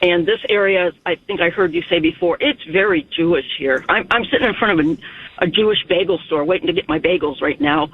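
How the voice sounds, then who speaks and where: A woman calling in to a talk radio show, speaking emotionally and in a rush, her voice climbing high. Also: fairly quick, breathy edge, dry recording. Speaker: caller. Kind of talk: phone-in talk radio call. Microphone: phone. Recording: tinny phone line.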